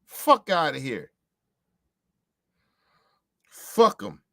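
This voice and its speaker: A man's voice: a little high, huge pitch swings, drawn-out words, vocal fry, a bit bright, dry recording, clean studio sound. A man from the United States delivering a heated, profane, repetitive ranting monologue as a show host.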